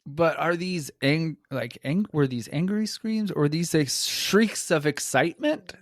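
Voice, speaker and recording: A man hosting a podcast, chatting casually with playful, quick jokes. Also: a little high, no room sound, clean studio sound. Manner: joking, playful, quick riffs. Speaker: podcast host. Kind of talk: casual conversation.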